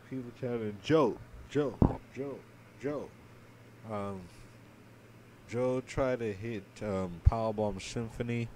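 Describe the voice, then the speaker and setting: A man co-hosting a podcast, giving a casual play-by-play recap of a wrestling match, sleepy and yawning, his voice trailing off quietly with many ums. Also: medium pitch, slight background noise. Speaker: podcast co-host.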